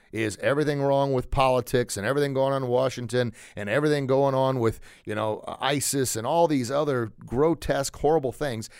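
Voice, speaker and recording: A man's voice: medium pitch, smooth, no room sound, clean studio sound. A man hosting a motivational podcast, speaking with energy and emphasis, repeating phrases and chuckling now and then. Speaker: podcast host.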